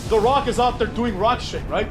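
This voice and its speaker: A man's voice: extremely high pitch, fairly quick, music in the background. A man streaming and ranting casually about wrestling, profane and rambling, checking in with frequent "right?" asides. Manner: profane, rambling, many "right?" tag questions.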